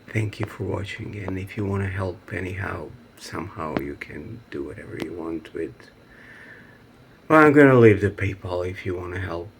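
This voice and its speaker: Male vlogger, very deep gravelly voice, rambling and emotional, faint background hiss. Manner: emotional, rambling, laughs nervously. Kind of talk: personal video diary.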